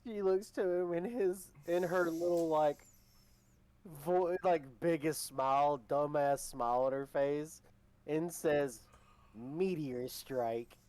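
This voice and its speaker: A player in a tabletop game describing their character's moves with amused, drawn-out delivery. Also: mid-range voice, steady tone, darkish tone, clear, resonant tone. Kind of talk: casual tabletop play.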